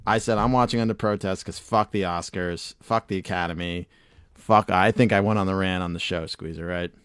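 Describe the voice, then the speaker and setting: A man's voice: low voice, fairly even intonation, a little fast, fairly bright tone, clean tone, dry recording, studio quality. Rambling, profane man hosting a podcast. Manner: rambling, profane, laughs often. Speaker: podcast co-host. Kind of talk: casual chat.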